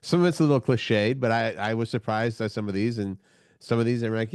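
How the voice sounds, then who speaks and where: Low-voiced man, dry sound. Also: fairly quick, a little mellow, dry recording. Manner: easygoing, chuckling, banter-driven. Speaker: morning show co-host. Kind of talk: casual chat.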